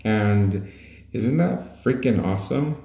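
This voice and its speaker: A man's voice: fairly low pitch, lively intonation, slow pace, vocal fry, mellow. A man hosting a casual craft tutorial voice-over, playful and chatty, laughing often. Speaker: crafting channel host. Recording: echoey room.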